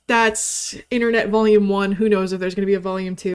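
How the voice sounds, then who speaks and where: A woman's voice: medium pitch, fairly even intonation, fairly quick, few pauses, clean tone. Ranting millennial woman podcaster. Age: 30s. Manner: rambling, swears a lot, mock-ranting. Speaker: podcast host. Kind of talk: casual solo monologue.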